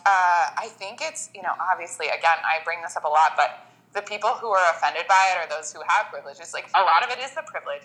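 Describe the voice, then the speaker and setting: On a podcast, a female guest with a lowish voice and a bright, forward tone chats casually about her experiences. She tells the story with real feeling, slipping into acted-out quotes of herself and others; the recording is low quality.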